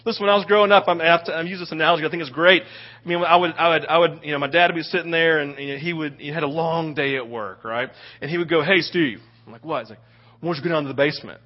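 A man preaching a sermon as a pastor, animated and acting out little scenes in quoted voices. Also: on the high side, racing. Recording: dull lo-fi audio.

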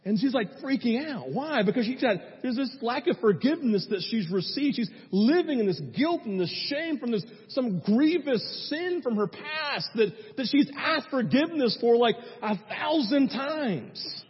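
A man's voice: very high-pitched, expressive, normal speed, few pauses, husky. A man preaching a sermon as a pastor, talking in a conversational way with frequent asides to the congregation. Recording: echoey hall, dull lo-fi sound.

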